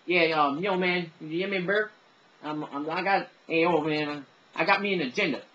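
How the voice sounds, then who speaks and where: A dopey young bro dude, as a man puts him on, stammering and repeating himself. The voice sits raised and loud. The recording is dull and lo-fi. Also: on the high side, normal speed, slight background noise, voice pushed up. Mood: cocky. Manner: stammering, slurred bro talk. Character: dopey bro-talking young male reality contestant.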